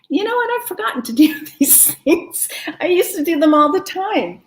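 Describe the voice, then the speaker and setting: A woman's voice: very high-pitched, sing-song, moderate pace. A woman teaching a live-streamed wellness class, talking in an encouraging, chatty way and laughing often. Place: home, no kids in the house.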